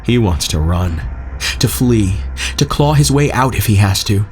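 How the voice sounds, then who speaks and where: A man narrating a scripted horror story in a measured, tense way. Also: on the low side, animated, faint music behind.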